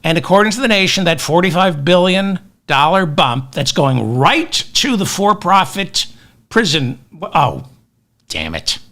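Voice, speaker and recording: A man's voice: high-pitched, sing-song, unhurried, a bit bright. A man hosting a comic news podcast, sardonic and exasperated, mixing rants with asides into his webcam. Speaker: podcast host. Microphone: webcam with automatic tracking.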